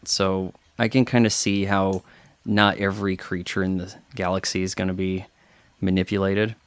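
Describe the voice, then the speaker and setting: A man's voice: low-pitched, little pitch movement, normal speed, smooth. A man chatting casually through a film commentary, opinionated and thinking aloud with fillers. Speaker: commentary host.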